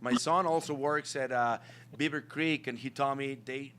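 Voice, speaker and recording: A middle-aged man with a foreign accent, co-hosting a casual morning show and telling stories with excitement. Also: mid-range voice, moderate pace, smooth. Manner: excitable, laughs often, lively storytelling. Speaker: co-host.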